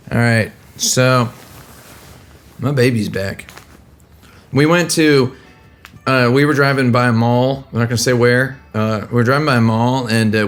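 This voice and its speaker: Rambling man telling stories on a stream. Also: medium pitch. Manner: rambling, self-interrupting, laughing at own jokes. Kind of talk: casual live-stream storytelling. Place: hotel room. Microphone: laptop microphone.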